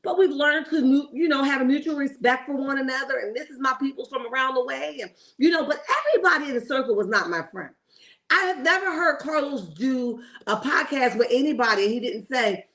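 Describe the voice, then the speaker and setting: A woman's voice: high-pitched, brisk, a bit bright. A woman hosting a casual reality TV commentary livestream, opinionated and chatty, greeting viewers in the chat and checking in with "okay?".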